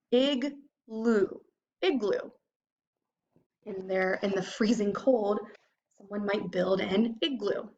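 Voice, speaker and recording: Woman teacher slowly sounding out phonics. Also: mid-range voice, darkish tone, dull audio, a little hiss or hum. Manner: slow, clear sounding out of word parts. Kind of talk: phonics lesson for young children. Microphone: computer microphone.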